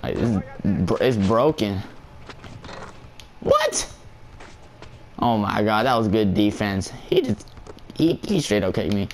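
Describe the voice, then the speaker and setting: Over slight background noise, a young gameplay YouTuber with a voice on the low side talks at a moderate pace about his basketball game. His casual commentary is slangy, giggly and excitable, full of laughter.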